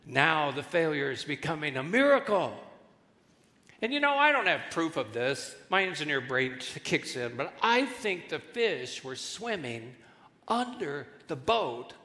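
A man's voice: fairly high pitch, measured pace. A man preaching a sermon as pastor, telling stories and acting out voices in his jokes. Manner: animated storytelling, acts out voices in jokes. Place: large church hall. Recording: reverberant church hall.

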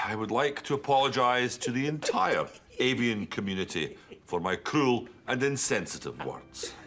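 A man playing a pompous, over-apologetic bald police chief with a Scottish accent, giving a stiff, deadpan press statement. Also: mid-range voice, measured pace, hardly any pauses. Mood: solemn.

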